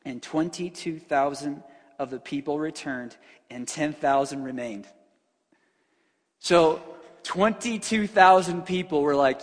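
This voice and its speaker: Animated high-voiced preacher in a hall. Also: male voice, takes it slowly, long pauses. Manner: animated, conversational, fills with "like". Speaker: pastor. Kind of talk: sermon. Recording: long reverb from a large hall.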